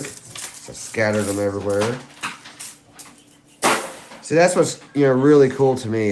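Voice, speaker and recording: A man, hosting a live stream and chatting excitedly with viewers. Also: mid-range voice, slight background noise. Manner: excitable, giddy, chats to viewers. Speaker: livestream host hunting coins. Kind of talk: casual live-stream chat.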